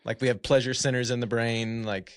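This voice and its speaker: Male podcast guest, medium voice, hesitant drawn-out questions, dry close sound. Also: medium pitch, steady tone, smooth, no echo. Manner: curious, halting questions, drawn out. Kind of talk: casual chat.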